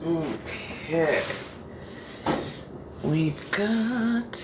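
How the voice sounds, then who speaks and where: A tired woman just waking up drifts through a casual livestream chat at a very slow, unhurried pace. She rambles and swears without a second thought. A faint hiss sits under her voice. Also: sits low, animated. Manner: blunt, swears freely, rambling. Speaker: livestream host.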